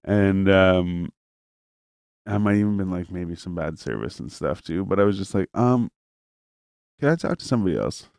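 A man's voice: low-pitched, lively intonation, normal speed, gravelly, pauses often, a little mellow, dry recording, clean studio sound. A man telling a long, rambling story in casual chat, cursing freely and acting out both sides of a phone call.

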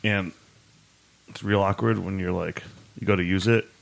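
A man's voice: low-pitched, fairly even intonation, moderate pace, vocal fry. A man co-hosting a podcast, chatting casually in a joking, rambling way with lots of filler words. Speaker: podcast co-host. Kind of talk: casual banter.

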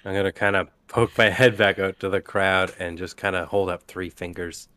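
Low-voiced man playing a tabletop game. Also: steady tone, normal speed, pushed and bright, slight background noise. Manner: chatty, laughing, describing his character's actions. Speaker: player. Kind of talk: casual tabletop play.

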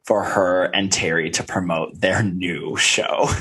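A man with a fairly low voice co-hosts a recap podcast. He talks in loose, rambling casual chat, full of fillers and the odd swear word. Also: steady tone, takes it slowly, pushed and bright, breathy edge. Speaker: podcast co-host.

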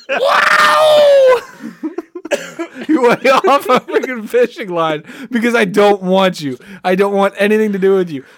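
A man's voice: sits high, a bit bright, no room sound, studio quality. A young man co-hosting a casual chat, joking and launching into goofy, dramatic rants.

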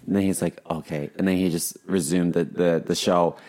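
A man's voice: low-pitched, flat delivery, fairly quick, darkish tone. A man co-hosting a casual podcast, telling stories in a laid-back way with dry teasing and hesitant fillers. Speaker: podcast co-host. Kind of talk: casual chat.

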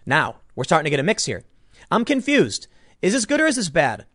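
A man's voice: fairly high pitch, wildly swooping pitch, a little fast, fairly bright tone, dry recording, clean studio sound. A man giving an opinionated political commentary monologue, combative and sarcastic, restarting his sentences as he argues.

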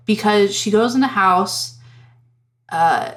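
A woman hosting a podcast in casual chat, animated and profane, laughing often and acting out lines. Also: mid-range voice, slow. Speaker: podcast host.

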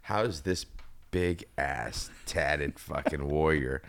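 A man in his fifties with a very deep, low voice, a guest on a chat show. He tells stories in an animated way and swears freely. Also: slow. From United States. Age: 50s. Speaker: guest actor. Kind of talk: casual interview chat.

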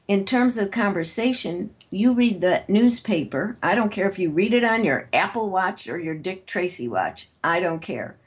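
A woman speaks in a fairly low voice with a confident, brisk delivery. She explains practical advice in the lively tone of an experienced speaker, as a guest in an interview. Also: breathy edge. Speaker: guest, networking author and speaker.

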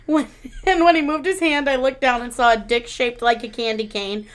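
A woman's voice: sits high, normal speed. A woman in her thirties co-hosting a casual chat, telling frank stories with lots of laughter. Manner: frank, laughing, animated storytelling. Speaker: podcast co-host.

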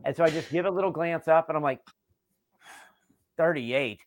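Male stand-up from the US South and East, chatty storyteller who plays every part, a touch high-pitched, recorded dry. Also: very fast, no room sound. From North Carolina and Delaware, US. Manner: animated, acts out quoted dialogue. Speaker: stand-up comedian guest. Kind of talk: casual storytelling chat.

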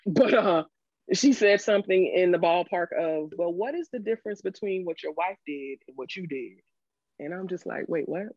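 A woman guest on a podcast telling the story of her marriage and divorce, emotional and halting, with many restarts, rising sharply when she quotes herself. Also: lowish voice, a little mellow, no echo. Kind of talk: candid storytelling about a marriage. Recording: dull lo-fi audio.

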